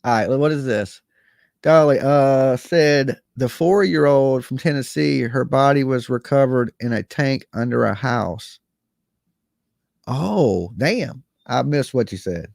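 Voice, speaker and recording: Gravelly-voiced man ranting on a livestream. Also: medium pitch, slow pace, a little mellow, dry recording, studio quality. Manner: rambling, repeats "you know what I'm saying" and "okay". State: just woken up. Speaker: livestream host. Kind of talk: casual livestream rant.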